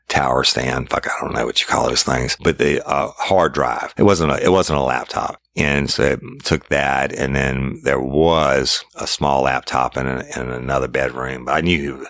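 Man, middle-aged, extremely deep voice, blunt and profane, dry recording. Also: vocal fry, a bit bright, no room sound. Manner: profane, blunt, acts out his own confrontations. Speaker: podcast host telling a police story. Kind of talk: casual storytelling.

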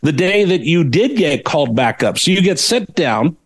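A man's voice: fairly high pitch, sing-song, moderate pace, breathy edge. A man interviewing the podcast host in casual chat, eager and curious. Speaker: guest interviewer.

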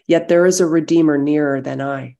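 A pastor on a call, gently leading a time of silent prayer and then reading a Bible chapter aloud. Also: mid-range voice, steady tone, creaky. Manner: gentle, slow, reflective. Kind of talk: sermon with guided silent prayer and scripture reading. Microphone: video call.

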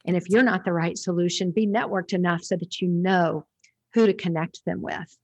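A woman's voice: on the low side, steady tone, normal speed, slightly rough, dry recording. A woman guest on a podcast interview, talking in a reflective, rambling way with restarts.

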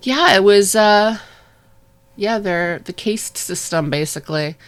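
A woman's voice: medium pitch, expressive, slow pace. A woman co-hosting a podcast, rambling casually with fillers and laughs. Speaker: podcast co-host. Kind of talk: casual chat.

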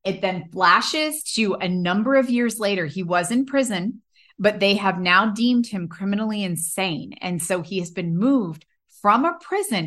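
A woman co-hosts a podcast in a mid-range, fairly bright voice. She chats casually and enthusiastically, swearing freely.

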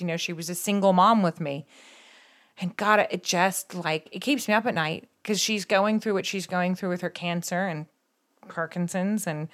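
A woman's voice: lowish voice, a bit bright. A woman in her forties talking with her partner, emotional and open, close to tears. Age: 40s. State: tearing up. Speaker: podcast co-host. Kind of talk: heartfelt conversation.

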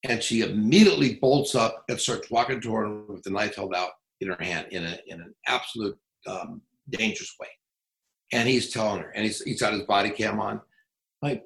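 A middle-aged man working as a police trainer, telling stories in an interview in a blunt, profane, animated way. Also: fairly low pitch, normal speed, creaky, echoey room, poor audio. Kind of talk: casual interview storytelling.

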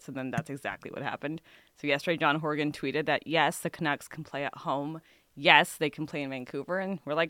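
Female radio hockey reporter, bright dry close sound, breezy wry quips. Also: low-pitched, steady tone, brisk, no room sound. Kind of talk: casual radio sports chat.

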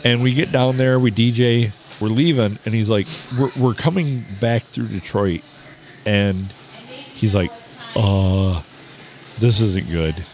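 A man hosting a podcast from a bar, telling a story in a casual, animated way, swearing and quoting people. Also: lowish voice, a little slow. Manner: swearing, animated anecdote teller who quotes people. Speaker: podcast host.

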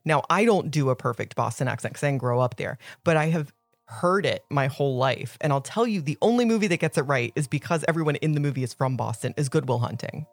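A woman's voice: deep voice, fast, no room sound, studio quality, faint music behind. A woman co-hosting a podcast in casual, enthusiastic chat, often laughing. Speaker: podcast co-host.

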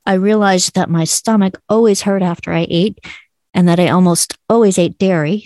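A middle-aged woman with a medium-pitched, darkish voice hosts her own podcast, delivering a solo monologue earnestly and with enthusiasm, sometimes growing teary with emotion. The recording has no room sound.

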